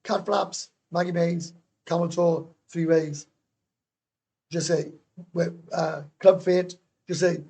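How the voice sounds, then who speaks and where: A man's voice: a little high, little pitch movement, slow pace, vocal fry, long pauses, a little mellow, slightly rough. A middle-aged Welsh man hosting a casual livestream, rambling bluntly, swearing and answering viewers' comments. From Wales. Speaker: livestream host. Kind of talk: casual live-stream rant.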